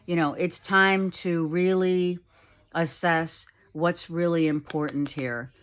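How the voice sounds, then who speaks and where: A middle-aged woman giving a casual tarot reading at home, talking softly and rambling, with many fillers. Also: on the low side, steady tone, takes it slowly, clear, resonant tone. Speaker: tarot reader. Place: home, with a child heard in the background.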